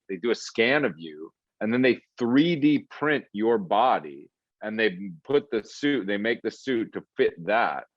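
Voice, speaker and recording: A man being interviewed as an actor, laughing often and poking fun at himself in a relaxed, jokey way. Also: mid-range voice, no room sound. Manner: laughing, self-mocking, jokey. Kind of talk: casual interview chat. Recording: muffled lo-fi sound.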